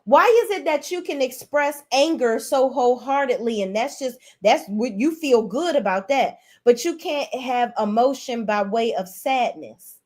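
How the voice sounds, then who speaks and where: A young adult woman hosts a reality TV recap in a casual, ranting style. Her voice sits fairly high, and she swears freely and talks bluntly and animatedly. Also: expressive, a little slow, few pauses.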